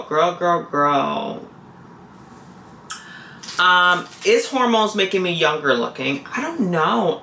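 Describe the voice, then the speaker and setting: A woman vlogging casually in a roomy, echoing space, her voice bright and forceful. She rambles and repeats herself as she speaks directly to her viewers. A light hiss sits under the recording. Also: sits low. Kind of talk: casual confessional vlog talk. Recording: echoey room with faint hiss.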